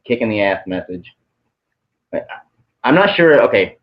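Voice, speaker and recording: A man's voice: medium pitch, very animated, moderate pace, muffled recording. A man channeling messages in a casual, hesitant way, with many ums and some casual swearing.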